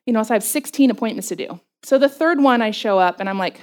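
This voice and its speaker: Animated woman telling faith stories. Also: fairly high pitch. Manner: animated storyteller, quick asides, laughs at herself. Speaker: speaker addressing a group. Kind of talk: faith talk with personal stories.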